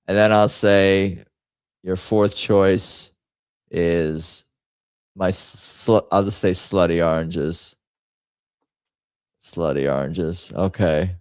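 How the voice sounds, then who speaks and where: A man hosting a casual home stream talks in an unhurried, drawn-out way, mumbling half to himself while he types. His voice sits fairly low. The sound is dry and close, with no room around it. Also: darkish tone, no room sound. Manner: rambling, muttering to himself while typing. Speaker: host. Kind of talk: casual livestream chat.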